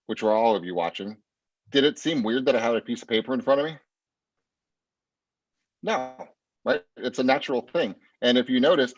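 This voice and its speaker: A man's voice: mid-range voice, slightly rough, no room sound. A man training sales agents in a punchy, blunt way, often checking in with "right?". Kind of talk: coaching a team on a sales script. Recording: dull, dry, lo-fi sound.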